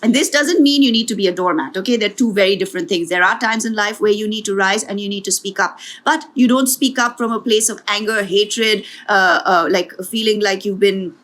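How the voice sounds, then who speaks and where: A woman's voice: mid-range voice, fairly quick, few pauses, a bit bright. A woman giving a tarot reading as a spiritual coach, speaking earnestly and encouragingly, often repeating herself and adding asides.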